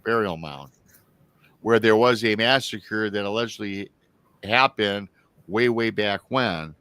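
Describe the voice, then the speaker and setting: A man's voice: lowish voice, slow pace, a bit bright, clear, resonant tone, dry recording. A man in his forties hosting a live talk show, telling a story casually, with many restarts and asides to his listeners. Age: 40s. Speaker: show host.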